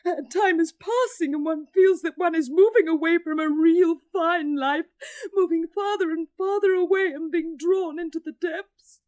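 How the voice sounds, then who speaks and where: Young woman in her twenties, vintage radio play, very high voice, tearful, despairing. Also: moderate pace, darkish tone. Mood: bitter. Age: 20s. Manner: tearful, breaking into sobs.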